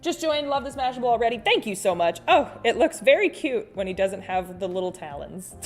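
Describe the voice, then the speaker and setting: A woman's voice: fairly high pitch, big pitch swings, normal speed, soft background music. A woman hosting an art livestream in a casual, rambling chat, reading out viewer comments as she draws. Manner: chatty and rambling, with frequent restarts and sudden soft hums. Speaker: artist livestream host.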